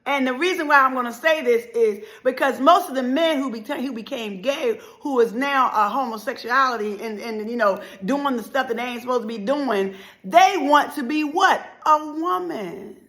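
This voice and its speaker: A middle-aged woman giving an impassioned motivational speech, preacherly and repetitive, swinging between loud and soft. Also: high-pitched, normal speed. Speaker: motivational life speaker.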